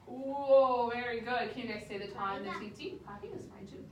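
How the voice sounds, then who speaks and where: A woman's voice: a little high, a little slow, few pauses. A woman teaching a children's music lesson, encouraging the kids and chanting rhythm syllables. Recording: echoey room, far mic, noisy.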